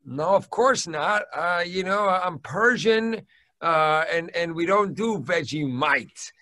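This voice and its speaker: A comedian guest with a high, bright, sharp-edged voice, joking and teasing his host in playful banter. His talk is casual and quick to poke fun. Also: expressive. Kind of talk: casual joking video chat.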